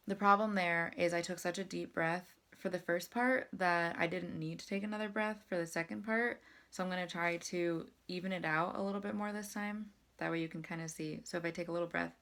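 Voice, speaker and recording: A woman's voice: fairly low pitch, steady tone, a little fast, hardly any pauses, fairly bright tone. A young adult woman talking casually to camera about breathing and meditation, chatty and self-deprecating, with lots of fillers. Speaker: vlogger.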